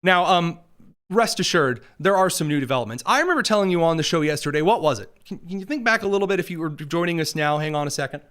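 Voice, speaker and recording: A man's voice: a little high, animated, fast talker, a bit bright. A man hosting a political commentary livestream from a studio, talking with sarcastic, mocking asides. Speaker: host.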